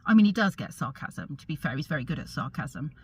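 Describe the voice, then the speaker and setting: A woman's voice: sits low, very animated, husky, no echo. Chatty woman vlogging. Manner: chatty and rambling, with pauses and self-corrections. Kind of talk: casual chat to camera.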